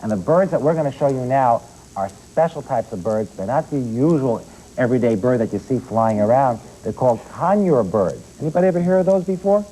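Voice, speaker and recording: A man's voice: medium pitch, expressive, fairly quick, warm tone, low-quality recording. A man appearing as a pet expert on a children's TV show, explaining animals and quizzing the children in the studio. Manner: explanatory, addresses children directly with questions.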